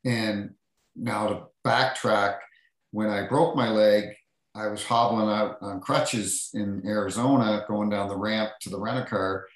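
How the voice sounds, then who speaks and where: A middle-aged man, a former hockey referee, telling animated stories as a podcast guest and acting out what people said. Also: on the low side, unhurried, reverberant, low-quality recording. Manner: animated anecdotes, acting out quotes, many restarts. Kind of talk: casual storytelling.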